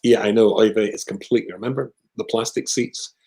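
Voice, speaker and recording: A man with a British accent, a rabbi telling a long personal story in conversation, with lively asides. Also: on the low side, a little fast, low-quality recording. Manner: animated anecdotal storyteller with asides.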